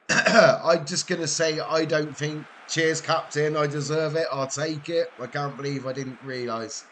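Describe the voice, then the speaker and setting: A man's voice: a little high, fairly even intonation, measured pace, fairly bright tone, a little hiss or hum. A man chatting casually with his live-stream viewers while playing a game, joking and laughing often.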